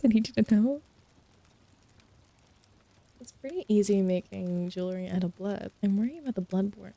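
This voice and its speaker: A young woman streaming whispered role-play, talking softly and teasingly with a giggly, mock-sinister playfulness toward her chat. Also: fairly high pitch, moderate pace, pauses often, no echo.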